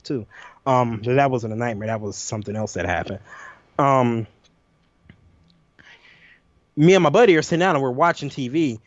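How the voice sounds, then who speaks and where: A man co-hosting a podcast, telling a nightmare story in an animated, profane way and acting out his own lines. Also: medium pitch, no room sound. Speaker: podcast co-host. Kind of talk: casual storytelling chat. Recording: dull lo-fi audio, dry.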